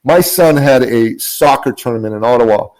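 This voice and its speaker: A man's voice: mid-range voice, moderate pace, darkish tone, poor audio. Earnest emphatic man telling a story. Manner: earnest, emphatic, repeats phrases. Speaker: guest, business coach. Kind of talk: podcast interview storytelling. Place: lives in Canada.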